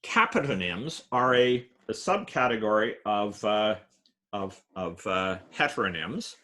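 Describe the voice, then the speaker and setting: A man giving a playful lecture on wordplay, explaining puns with many filler pauses. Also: lowish voice, animated, pushed and bright. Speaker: guest lecturer.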